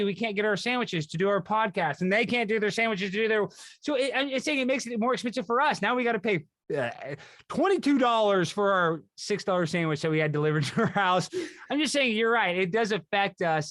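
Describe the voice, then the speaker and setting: Fast, high-pitched rambling man. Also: no echo, clean studio sound. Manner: rambling, restarts often, fast excitable talk. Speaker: podcast host. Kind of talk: casual podcast chat.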